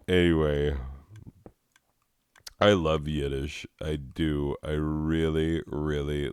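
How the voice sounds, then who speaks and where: A man who is high, rambling and giggling through gameplay commentary and swearing freely. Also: a little mellow, clear, resonant tone, no room sound, studio quality. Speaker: gaming video host.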